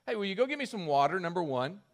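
A brash, demanding prophet, as a high-voiced preacher puts him on, pressing his point with insistent emphasis. The delivery stays close to the preacher's own bright, raised speaking voice. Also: expressive, a little slow. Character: bold demanding male prophet, brash and pushy.

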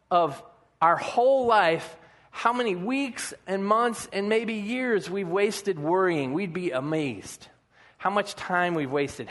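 A man's voice: high voice, fairly bright tone. A man preaching a conversational sermon, mixing humor with earnest encouragement. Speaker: pastor.

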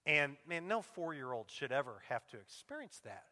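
A man's voice: fairly high pitch, big pitch swings, normal speed, sharp tone. A middle-aged man preaching a sermon as a pastor, emotional and earnest, his voice sinking to a near-whisper at tender moments. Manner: emotional, drops to a near-whisper on quoted cries. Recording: long hall reverb.

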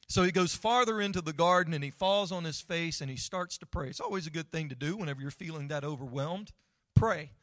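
A male pastor preaches a sermon conversationally, asking his listeners questions. His voice is fairly high and a bit bright, recorded with studio quality and no echo.

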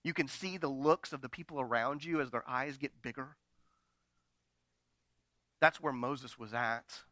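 A pastor preaches a sermon from slides, swinging between loud, dramatic retellings and quiet, intimate asides to the congregation. His voice is mid-range and measured, with no room sound.

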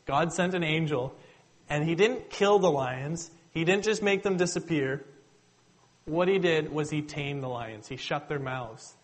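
A man preaching a sermon, retelling the story in a conversational, animated way and addressing listeners directly. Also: on the high side, unhurried, rough recording.

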